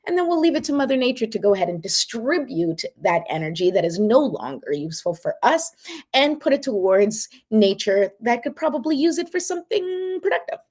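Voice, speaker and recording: A woman's voice: a little high, big pitch swings, fairly quick, darkish tone. A woman hosting a casual livestream, chatting with viewers and leading a guided breathing ritual in an encouraging way. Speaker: host.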